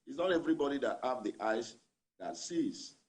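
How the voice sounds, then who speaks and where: A man's voice: medium pitch, expressive, moderate pace, a little mellow. A man with a Nigerian accent, a labour union leader answering a news interviewer by remote line, repeating his points for emphasis.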